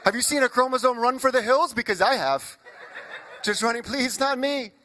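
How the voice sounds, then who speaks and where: A young man from Indiana performing an animated stand-up comedy set, riffing with the crowd. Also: very high voice, fairly quick, a little hiss or hum. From Indiana, USA.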